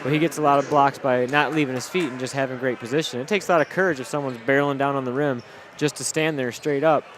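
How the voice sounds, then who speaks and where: A man with a Michigan accent giving color commentary at a high school basketball game, explaining plays like a coach. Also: steady tone, quick pace, few pauses. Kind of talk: live basketball analysis. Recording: gym ambience, bouncing ball noise.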